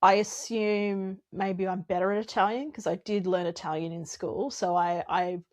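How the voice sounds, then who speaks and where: A woman's voice: medium pitch, steady tone, normal speed. An Australian woman, an author and podcast co-host, chatting casually, rambling and laughing often. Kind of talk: casual chat.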